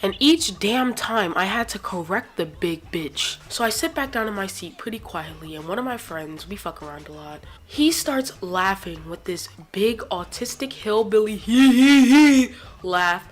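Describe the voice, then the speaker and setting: Woman vlogger, mid-pitched, profane sarcastic storytime rant. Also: lively intonation, normal speed, hardly any pauses, a bit bright.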